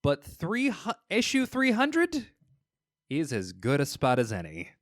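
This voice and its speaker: Slow, lively-pitched male podcaster. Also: no echo, studio quality. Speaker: podcast co-host. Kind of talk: casual chat reviewing comics.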